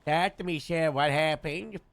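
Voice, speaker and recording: Gravelly man role-playing a police captain. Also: fairly high pitch, a bit bright, dry recording. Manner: halting, full of "uh" and restarts, police radio jargon. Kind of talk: in-character police radio role-play.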